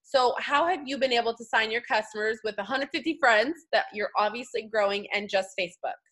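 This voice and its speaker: A woman's voice: on the high side, fairly quick, a bit bright. A woman hosting a casual interview, upbeat and slangy as she questions her guest. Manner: upbeat and slangy, laughs easily. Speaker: host.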